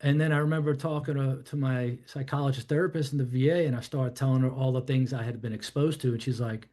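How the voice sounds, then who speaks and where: With a steady, mellow mid-range voice and a quick pace, a fifties New Yorker candidly recounts his life to a podcast host. His storytelling drifts reflectively and is peppered with "you know" and "I'm like."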